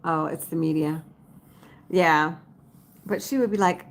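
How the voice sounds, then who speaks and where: A woman's voice: low-pitched, unhurried, creaky, long pauses, a little hiss or hum. A woman chatting casually to her viewers as a vlogger, folksy and talkative, calling them y'all. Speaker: vlogger talking to live viewers. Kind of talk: casual livestream chat.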